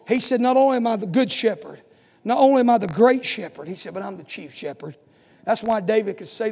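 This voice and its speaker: A man preaching a sermon as pastor, swinging from hushed, drawn-out lines to shouted calls. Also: sits high, animated, creaky, big-room sound.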